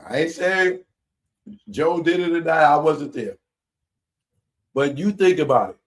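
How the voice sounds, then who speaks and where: A man, hosting a live commentary show in a casual, animated way that keeps repeating his points. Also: fairly high pitch. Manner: animated, laughing, repeats himself.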